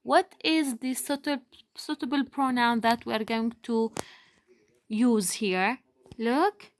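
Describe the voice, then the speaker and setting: A young woman teacher giving a patient, deliberate lesson to young children, stretching out key words for emphasis. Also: a little high, slight background noise. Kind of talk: slow, deliberate classroom explanation.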